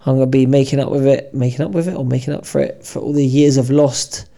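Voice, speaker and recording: A man co-hosting a podcast, telling lively anecdotes in casual banter and acting out other people's voices. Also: mid-range voice, fast, creaky. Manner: animated storyteller, acts out voices in anecdotes. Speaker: podcast co-host. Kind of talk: casual chat.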